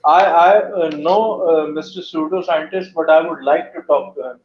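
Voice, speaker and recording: A man's voice: a little high, normal speed, slight background noise. Formal-sounding man on echoey voice chat. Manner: formal, wordy phrasing with many hesitations. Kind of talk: casual online voice chat. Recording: echoey, muffled voice chat audio.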